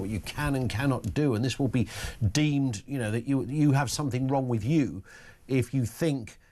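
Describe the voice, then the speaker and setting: A man's voice: medium pitch, darkish tone. A middle-aged man hosting talk radio, delivering a rambling, opinionated monologue full of jokey, sardonic asides. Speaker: radio talk show host.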